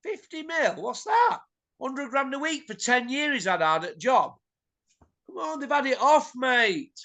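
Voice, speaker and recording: A man's voice: extremely high pitch, sing-song, moderate pace, sharp tone. A middle-aged man, hosting a boxing show and ranting bluntly, swearing and tossing in tag questions. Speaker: boxing pundit host. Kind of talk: opinionated ranting chat.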